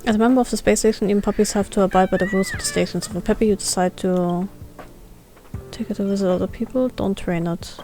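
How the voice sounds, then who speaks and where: Woman streaming, reads all the game text out loud, goofy, medium pitch. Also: fairly even intonation, quick pace, soft background music. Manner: playful, reads all the dialogue aloud and barks for the dog. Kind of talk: reading game text aloud while playing.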